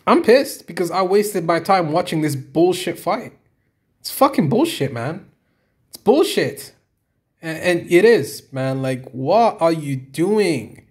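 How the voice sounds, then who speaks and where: A man giving an exasperated, profane review of a fight, swearing and repeating himself. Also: a little high.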